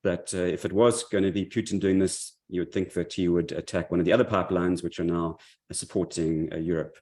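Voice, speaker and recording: A man's voice: deep voice, little pitch movement, fairly quick, darkish tone. A man giving a monthly market update, speaking loosely with many fillers and restarts. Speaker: market commentary presenter.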